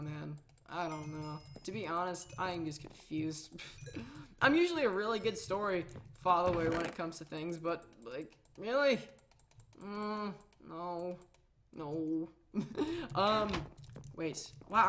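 A woman's voice: fairly low pitch, a bit bright, slight background noise. A woman hosting a casual gameplay video, chatting in a rambling, self-mocking way. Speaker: Minecraft let's-play host.

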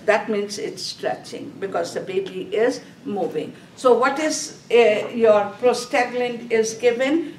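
A nursing instructor gives a classroom lecture in a voice on the high side, posing questions to her students, answering them herself, and repeating key terms. The room echoes, the mic is far away, and there's slight background noise.

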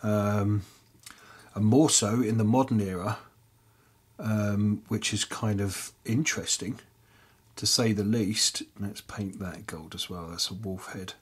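A man hosting a casual miniature-painting tutorial, rambling with lots of fillers and muttering softly to himself as he paints, chewing peanuts as he talks. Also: on the low side, steady tone, takes it slowly, husky. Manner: rambling, chatty, many fillers; chewing peanuts while talking. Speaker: miniature painting hobby channel host.

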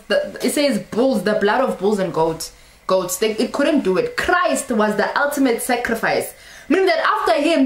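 A woman giving a casual spoken sermon to camera, animated and scolding with teasing asides. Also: fairly high pitch, echoey room. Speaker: Christian teacher.

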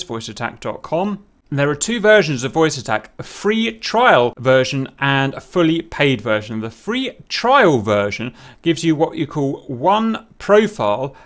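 A man casually explaining a software setup step by step in a screen-recorded tutorial, with fillers and asides. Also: medium pitch. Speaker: tutorial host.

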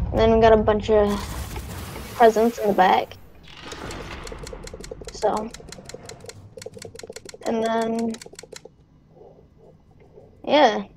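A woman's voice: a little high, flat delivery, takes it slowly, creaky, pauses often, background noise. A woman chatting casually while playing a game, hesitant and trailing off with fillers, over a voice chat mic. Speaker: game player. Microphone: gaming voice chat mic.

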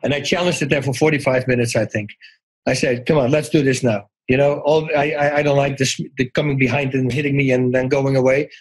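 A middle-aged man from the Netherlands with a Dutch accent, telling stories as an interview guest, animated, acting out quoted lines and often restarting his sentences. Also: mid-range voice, brisk, slightly rough, poor audio. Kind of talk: casual interview storytelling.

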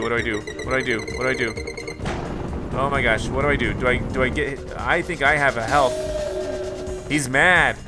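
An excitable man commenting on a game as he plays, often flustered and talking straight to what is on screen. His voice sits in a middle pitch, and the game's music is clearly heard behind him. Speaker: gaming video host. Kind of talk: let's play commentary.

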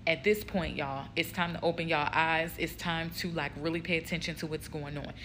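A woman with a low voice and a bright, forceful tone speaks emphatically in a casual political vlog. She addresses her viewers directly, punctuating points with "okay?". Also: steady tone, brisk, slight background noise. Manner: emphatic, calls the audience "y'all".

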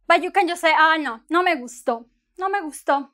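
A woman teaching a bilingual lesson, energetic and playful, acting out what a shopper and a seller would say. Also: extremely high pitch, a little fast. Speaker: Spanish teacher.

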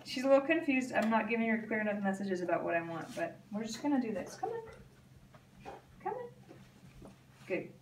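A woman's voice: medium pitch, fast talker, hardly any pauses, slight background noise. A woman training a dog, coaxing it with short repeated cues and explaining the steps as she goes. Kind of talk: live training session with commentary to camera. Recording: echoey, from a distant camera mic.

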